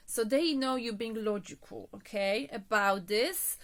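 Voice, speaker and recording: A woman talks through a tarot spread in a loose, conversational way, pausing on fillers and asking "okay?" as she goes. Her voice sits a little higher than most and she sounds slightly out of breath throughout. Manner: chatty, frequent fillers and "okay?" check-ins. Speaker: tarot reader. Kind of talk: casual tarot reading monologue.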